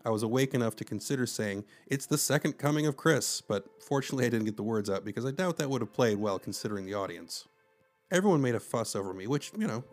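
A man narrating a first-person story with wry, conversational asides. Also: on the low side.

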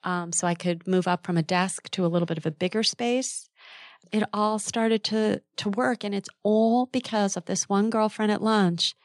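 A middle-aged woman, a textile designer and author, telling a personal story in an interview in a lively, candid way with quick asides. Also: medium pitch, no echo, clean studio sound.

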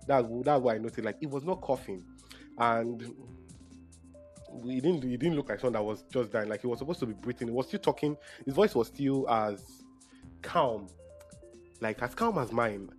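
A young man with a Nigerian accent talks on his own in a loose, chatty way, stopping to fix his words as he goes. His voice sits at an ordinary middle pitch, with faint music playing behind him. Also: lively intonation, normal speed. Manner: chatty, self-correcting, emotional. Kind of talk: casual monologue.

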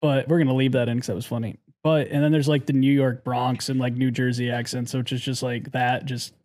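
A man's voice: medium pitch, little pitch movement, brisk, a little mellow. A man co-hosting a comedy podcast, chatting casually and rambling with self-mocking asides. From Italian heritage, USA. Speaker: podcast co-host.

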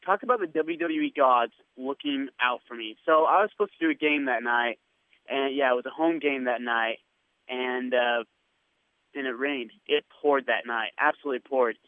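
Excited man telling a story over a phone-thin line. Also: mid-range voice, moderate pace, no echo, phone-quality sound. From India. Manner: animated anecdote teller, acts out quoted lines. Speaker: radio sports host, guest. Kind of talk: casual storytelling.

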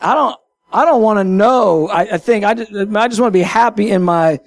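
A man with a high voice and a gravelly edge speaks in a passionate, half-sermon way. He is emphatic and lively, and he drives his points home by repeating them. He sounds like a minister addressing his audience directly. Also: normal speed, no room sound. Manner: emphatic and animated, repeats key phrases. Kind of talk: impassioned casual talk, half sermon.

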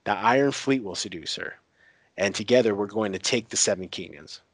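A man's voice: fairly low pitch, lively intonation, no echo. A man voicing a brash, mocking older pirate uncle while retelling a TV scene. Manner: taunting, crude, unhurried.

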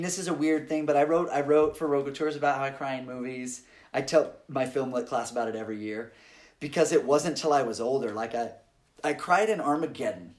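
Lively man telling stories on a podcast. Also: mid-range voice. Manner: animated storyteller, acts out quoted family voices. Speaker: podcast co-host. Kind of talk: casual chat.

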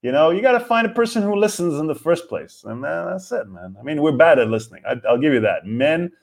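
A man's voice: a little high, big pitch swings, quick pace, gravelly. A man in his thirties from Israel, ranting as a comedy host in a rambling, profane, self-interrupting way. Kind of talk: live comedy rant.

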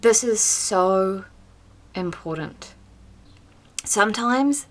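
A woman talks through a devotional podcast in a plain, conversational way. She is earnest and direct, stressing points firmly before softening into quiet, gentle phrases. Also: mid-range voice, measured pace. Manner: earnest, conversational, swings from emphatic to soft and quiet. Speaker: podcast host teaching on the Bible.

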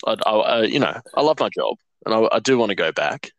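A man's voice: lowish voice, expressive, quick pace, fairly bright tone, dry recording. A man hosting a casual podcast, rambling with fillers and restarts. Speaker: podcast host. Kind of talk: casual chat.

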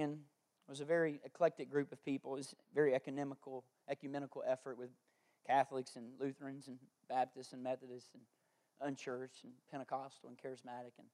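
Pastor, male, higher voice, sermon delivery, shifts between bold proclamation and hushed storytelling. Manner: emphatic preaching, moving between loud declarations and quiet storytelling. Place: church.

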